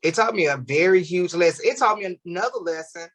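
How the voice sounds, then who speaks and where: A woman's voice: lowish voice, a little fast. A woman in her forties, hosting an interview and talking frankly in a casual, candid way. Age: 40s. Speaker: interview host.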